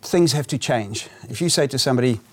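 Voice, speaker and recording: A man who coaches business owners, speaking in a measured way with frequent pauses and restarts in a casual interview. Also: medium pitch.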